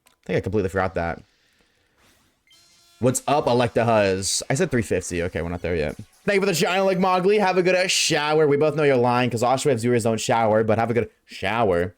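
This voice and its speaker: A man streaming a game live, chatting loosely with viewers at a desk mic, swearing often and swinging between a high put-on tone and his lower everyday voice. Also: brisk. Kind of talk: casual live-stream chat while gaming. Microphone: desk microphone.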